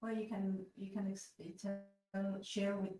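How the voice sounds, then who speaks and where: A mother off camera, gently feeding her daughter suggestions from across a room at home. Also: mid-range voice, little pitch movement, takes it slowly, music in the background. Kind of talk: off-camera prompting. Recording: roomy and distant from mic.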